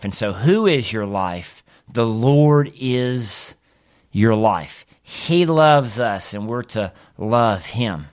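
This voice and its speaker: A man, a pastor, teaching a Bible study on a podcast and reading scripture in an earnest, steady way. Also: on the low side, takes it slowly.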